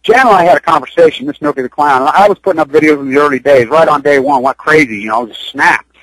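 Male guest, high voice, urgent and rambling, dry radio sound. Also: fast, a bit bright, no room sound, poor audio. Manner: urgent, rambling, repeats himself. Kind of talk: impassioned radio interview talk. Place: Utah.

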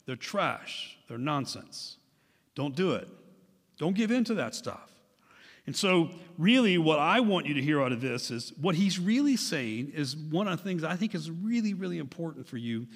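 A man preaching a sermon as pastor, emphatic and conversational, repeating phrases for stress. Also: fairly high pitch. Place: church hall. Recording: long church hall reverb.

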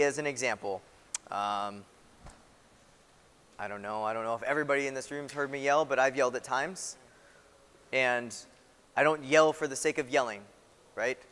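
A man's voice: medium pitch, a bit bright, clean tone. Man, military instructor, classroom lecture, conversational, mid-range voice, long hall reverb. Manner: conversational, often checks in with "right?".

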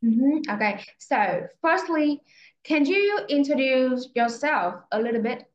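A woman English teacher with a Vietnamese accent, slowly and patiently questioning a young pupil in a speaking test. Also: high voice, lively intonation. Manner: slow, patient questioning, repeating prompts. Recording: echoey, dull lo-fi room sound.

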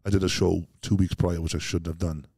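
Welsh man, very deep and dark-toned, rapid-fire rambling anecdotes, blunt and self-questioning; guest in a casual chat. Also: level tone, creaky, slightly rough, no room sound, clean studio sound. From Wales. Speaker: podcast guest. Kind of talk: casual interview storytelling.

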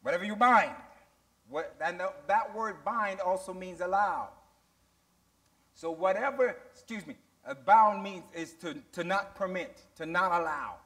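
A man's voice: high-pitched, measured pace, bright, forceful tone. A man pastor preaching a sermon to his church, using call-and-response questions and emphatic rising delivery.

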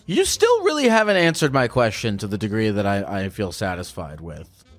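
A man's voice: fairly low pitch, big pitch swings, moderate pace, no echo, faint music behind. A man hosting a call-in show, pressing a caller with blunt, profane questions. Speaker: host.

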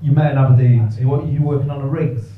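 A man's voice: mid-range voice, fairly even intonation, quick pace, distant mic, narrow, tinny audio, slight background noise. A man doing stand-up crowd work, bantering cheekily and swearing with the audience on a comedy club stage. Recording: echoey club, mic heard from afar.

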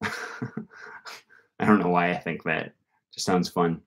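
A man's voice: low voice, steady tone, takes it slowly. A young man hosting a casual livestream, answering comments and thinking aloud with many fillers. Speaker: language-learning channel host.

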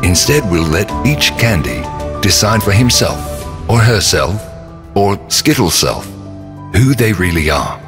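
A low-voiced man reads a spoof corporate ad with a deadpan, earnest delivery. His pitch swings widely, and music runs underneath. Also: unhurried. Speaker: company spokesman in a parody ad.

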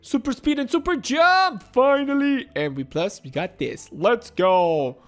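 A woman voicing Baby Sonic, a boastful, excitable baby hedgehog, during playful game role-play. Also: on the high side, measured pace, voice pushed down. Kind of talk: Roblox gameplay role-play.

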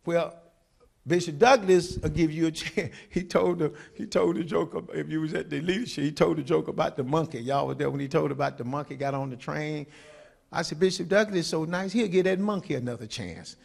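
A man's voice: on the high side, steady tone, a little fast, vocal fry, darkish tone, husky. A man preaching a sermon with passion, calling out to the congregation for responses. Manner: impassioned preaching with call-and-response. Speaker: pastor.

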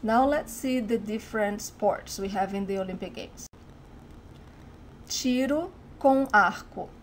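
A Brazilian woman teaching a language lesson, speaking clearly and modeling words with careful pronunciation. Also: mid-range voice, normal speed, a little mellow, slight background noise. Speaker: Portuguese teacher.

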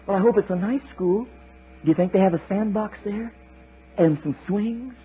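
A man voicing a whiny, frightened young male eaglet, pleading in a high childlike wail on an old sermon tape. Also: moderate pace, lightly acted. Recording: tinny lo-fi sermon tape with hiss.

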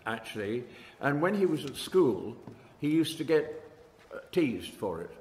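Man, panel guest, halting, lively pitch; roomy hall with long reverb. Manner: halting, many "uh"s. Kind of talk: convention panel interview. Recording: echoey hall with faint ambience.

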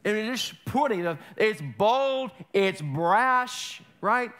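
Lively, bright-voiced male pastor preaching. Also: high-pitched, takes it slowly. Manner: animated preaching, acting out quoted voices with humor. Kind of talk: sermon.

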